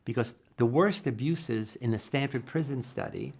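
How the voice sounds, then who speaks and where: Older man, mid-pitched, gravelly, earnest, animated storytelling, frequent restarts. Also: normal speed. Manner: earnest, animated retelling with acted-out quotes and many restarts. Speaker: psychologist interviewee. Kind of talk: reflective interview storytelling.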